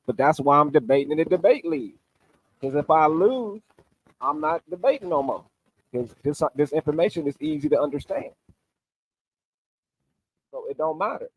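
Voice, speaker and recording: A man's voice: on the high side, animated, moderate pace, pauses often, breathy edge. A man recapping an online debate on a livestream, emphatic and argumentative while he walks through sources on screen.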